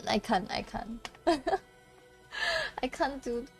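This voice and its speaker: A woman's voice: fairly high pitch, expressive, drawn-out words, gravelly, a little mellow, soft background music. A young woman streamer chatting casually with viewers, reading out chat, giggling often and a little self-conscious.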